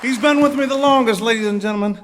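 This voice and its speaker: A man's voice: extremely high pitch, fast talker, a bit bright, a little hiss or hum. A man leading a band on stage, introducing his players with jokes and showman patter to a live audience. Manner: joking showman, hypes the crowd. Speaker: bandleader. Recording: live concert recording with crowd and band.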